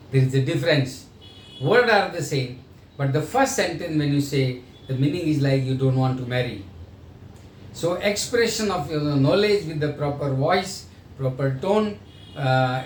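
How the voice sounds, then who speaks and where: A man giving a sales training lecture in an explanatory manner. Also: fairly high pitch. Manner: explanatory, acts out sales dialogues. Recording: echoey room, voice from a distance, faint noise.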